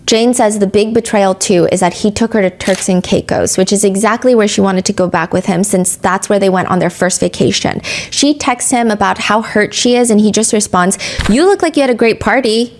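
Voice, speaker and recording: A woman hosts a true crime podcast, narrating court testimony and reading text messages aloud in an earnest storytelling manner. Her pitch rises when she reads the emotional texts.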